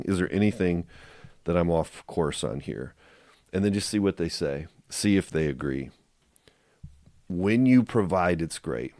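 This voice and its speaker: A man's voice: low voice, darkish tone, no room sound, clean studio sound. A middle-aged man hosting a faith podcast, talking earnestly and putting direct questions to his listeners. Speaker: podcast host. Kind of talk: faith-based podcast talk.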